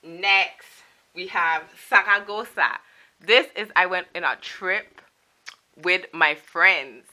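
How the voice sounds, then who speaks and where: Young woman, from Saint Martin, casual vlog chat, playful, slightly low pitch, very bright tone. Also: slow. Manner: chatty, playful, laughing asides. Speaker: vlogger showing a souvenir collection.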